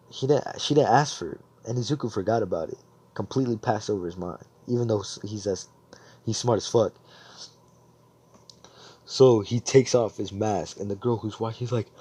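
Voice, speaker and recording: A man's voice: on the low side, a little mellow, slightly rough. A man improvising a fan fiction story aloud, rambling, swearing and correcting himself as he goes.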